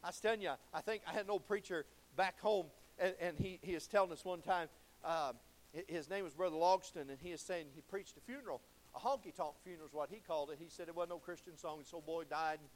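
A man preaching a sermon in a church, folksy, swinging between loud exclamations and low, intense passages. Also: fast. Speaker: pastor.

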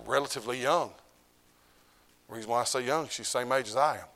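Middle-aged man as pastor, mid-pitched, preaching sermon, loud bursts and hushed drops. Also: quick pace. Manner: swings between loud preaching and hushed, low delivery.

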